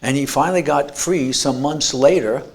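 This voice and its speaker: A man's voice: on the high side, normal speed, creaky. A man giving an earnest motivational talk at an expo, telling stories and restarting words. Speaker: speaker. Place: expo lecture room.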